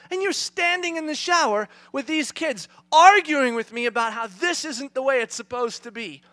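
Blunt, loving God the Father, put on by a male preacher; teasing, then earnest, high bright voice. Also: exaggerated voice.

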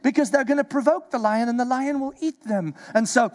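A man preaching a sermon, animated and playful, slipping into acted-out voices for his asides. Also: extremely high pitch, fairly quick. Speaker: pastor.

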